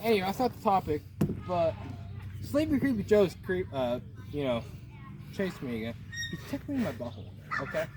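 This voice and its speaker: Man, goofy playground tutorial, excitable, jokey, lively swinging pitch, loud background noise. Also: moderate pace, long pauses. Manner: excitable and joking, keeps asking "right?". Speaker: vlogger.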